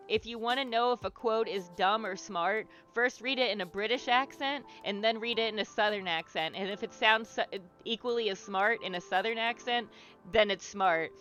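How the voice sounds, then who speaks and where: Drawing on her livestream while guiding an art therapy exercise, a young woman talks in a bright, clear, mid-range voice over faint music. Her chat is loose and rambling, full of fillers and restarts and casual swearing, and she warmly cheers her viewers on.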